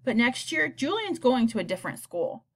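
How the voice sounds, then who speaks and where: A woman voicing a stern middle-aged father who speaks firmly and calmly in an audiobook. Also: fairly high pitch, pitched above the performer's own voice. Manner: firm, measured. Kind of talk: audiobook character voice.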